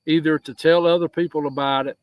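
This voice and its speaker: A man hosting a live stream, talking earnestly and haltingly about faith. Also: on the high side, steady tone, no echo, poor audio. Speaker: host. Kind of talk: casual live-stream conversation.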